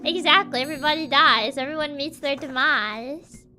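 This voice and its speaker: A woman's voice: sits high, moderate pace, pushed and bright, soft background music. A young woman streamer telling a story on a livestream in a playful, giggly, chatty way.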